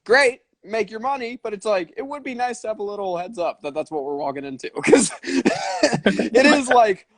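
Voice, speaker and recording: A man hosting a podcast, chatting casually with frequent swearing and quick asides. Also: sits high, animated, gravelly, dry recording. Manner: profane, quick asides, lots of filler. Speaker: podcast host. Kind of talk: casual chat.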